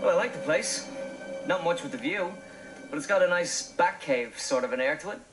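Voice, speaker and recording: A man's voice: on the high side, lively intonation, moderate pace, lightly acted, rough recording. An actor with an Irish accent playing a wry, rambling half-human man who gets visions, in a TV drama. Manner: chatty, offhand and rambling. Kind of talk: TV drama acting. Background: show soundtrack music.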